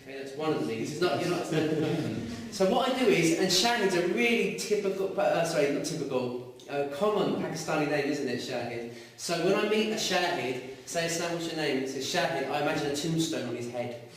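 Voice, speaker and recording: A man's voice: fairly high pitch, a little fast, hardly any pauses. Man teaching in an echoey classroom. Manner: lively, asks students questions. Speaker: Arabic teacher. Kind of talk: classroom lecture. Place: classroom with students. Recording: echoey room, mic far off.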